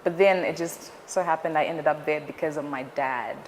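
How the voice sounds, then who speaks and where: A young woman tells stories as an interview guest, chatty and playful. Her voice sits a touch low. The room rings with a long reverb, and a faint hiss lies under it. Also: moderate pace. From Zimbabwe. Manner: chatty and playful, animated storytelling. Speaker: guest, news anchor. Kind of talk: casual interview chat.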